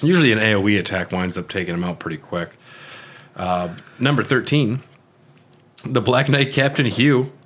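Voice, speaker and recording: A man's voice: fairly low pitch, normal speed. A man co-hosting a casual gaming podcast, reading item descriptions and then riffing loosely, with the odd curse. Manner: relaxed, reads item text then riffs with swearing. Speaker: podcast co-host.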